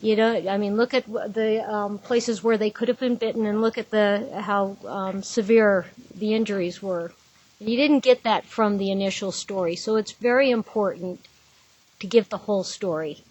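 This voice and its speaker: A woman's voice: mid-range voice, steady tone, normal speed, a little mellow. A woman giving a conversational trauma-care lecture, explaining through patient scenarios in a plain, direct way. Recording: dull, dry lecture recording.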